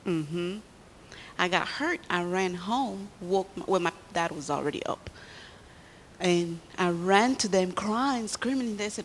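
Brief: lively woman, children's sermon in a church, long reverb, faint background noise. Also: fairly low pitch, unhurried. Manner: animated, quizzes the children.

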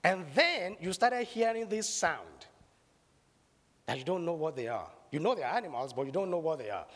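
A fairly high-voiced man preaches with a lively, swooping delivery, telling his story dramatically before rising into loud calls to faith. His voice rings with the long reverb of a large hall. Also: normal speed. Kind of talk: sermon with a personal story.

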